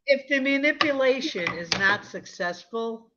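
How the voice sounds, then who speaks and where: A woman's voice: fairly high pitch, measured pace, dull audio. Chatty East Coast woman hosting a livestream. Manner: animated, effusive, thanks guests warmly. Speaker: livestream host. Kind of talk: casual live-stream chat.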